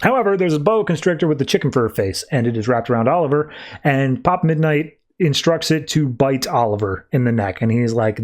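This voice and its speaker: A man's voice: medium pitch, expressive, fairly quick, a little mellow. Casual rambling male podcast host. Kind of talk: casual comic book recap.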